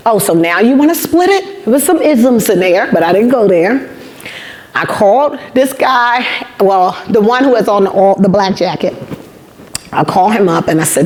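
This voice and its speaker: A woman in her fifties speaking to a room of students, her voice sitting at an ordinary middle pitch. She tells workplace stories with lively, animated delivery, slipping into the voices of the people she quotes and repeating key points for emphasis. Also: normal speed. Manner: animated storyteller, acts out quoted dialogue; emphatic repetition. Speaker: guest speaker. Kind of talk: motivational talk to students.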